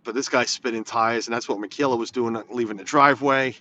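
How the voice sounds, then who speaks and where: Driving on snowy roads, a man rambles through a casual live-stream chat and reads viewer comments aloud from inside his car. His medium-pitched voice is steady, pushed, and bright, a little fast, with slight background noise. The audio is lo-fi phone sound, slightly dull.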